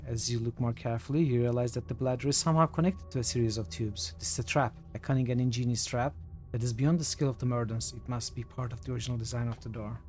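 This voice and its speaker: A man streaming a role-playing game, reading the game's narration aloud and thinking out loud between choices. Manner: thinks aloud, reads narration in a lower, quieter voice. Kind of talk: reading game text aloud and commenting casually.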